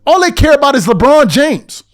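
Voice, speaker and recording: A man's voice: very high voice, big pitch swings, moderate pace, soft background music. A man hosting a podcast, venting in a heated, repetitive, emphatic rant straight to the audience. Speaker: podcast host.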